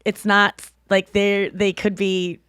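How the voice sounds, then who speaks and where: A woman's voice: mid-range voice, level tone, slow, a bit bright, clear, resonant tone, no room sound, clean studio sound. A woman in her thirties hosting a podcast, rambling casually and swearing freely with self-deprecating humor. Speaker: podcast host. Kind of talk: casual chat.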